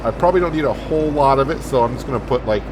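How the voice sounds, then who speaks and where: A man talks through his farm game in an easygoing, chatty way, thinking out loud and pausing on fillers. His voice sits at a middling pitch. A steady noise hum runs under the recording. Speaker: gameplay commentator. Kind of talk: casual let's-play commentary. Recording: noticeable background noise.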